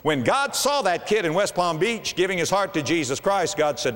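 Preacher man booming in a reverberant hall. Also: expressive, normal speed, few pauses. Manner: dramatic, swinging from soft to ringing highs. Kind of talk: sermon.

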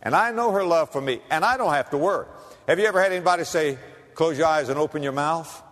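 A man's voice: a little high, fast. Man preaching in a reverberant hall. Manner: preaching with big swings from hushed to emphatic; plays out little scenes in the voices of the people in his stories. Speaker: pastor. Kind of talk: sermon. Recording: long reverb of a large hall.

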